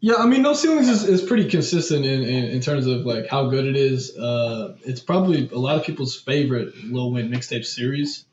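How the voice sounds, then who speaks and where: A young man co-hosting a podcast, chatting casually about music news, animated and exasperated with lots of fillers. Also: mid-range voice, fairly quick, few pauses, a little hiss or hum. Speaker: podcast co-host. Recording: echoey room, dull lo-fi mic.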